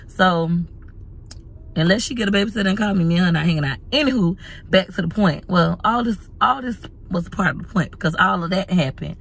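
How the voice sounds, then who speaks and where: A woman's voice: lowish voice, lively intonation, a little fast, gravelly, husky. A woman vlogging in casual chat from her van, telling stories in a dramatic, chatty way. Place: parked van at a laundromat.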